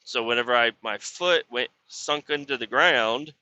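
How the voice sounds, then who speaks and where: On his casual podcast, a man who drives a water-hauling truck rambles and grumbles about his job, swearing and leaning on plenty of fillers. His mid-range voice has a sharp tone and normal speed, and the lo-fi recording sounds dull.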